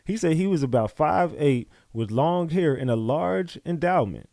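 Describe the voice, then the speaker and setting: A man's voice: medium pitch, normal speed, hardly any pauses, dark tone, no echo, clean studio sound. A man giving casual, profane commentary as he reads out court testimony, incredulous and mocking. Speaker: commentator on a trial.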